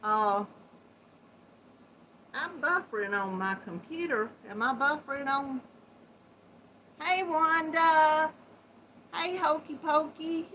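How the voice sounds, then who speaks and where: Sitting at a computer at home, a woman with a Southern Georgia accent runs a casual yarn chat livestream, her high-sitting voice picked up by a built-in laptop mic. She's warm and folksy, calling viewers hon and sweetheart, and she's slow, chatty, and quick to laugh. The recording is rough, with slight background noise.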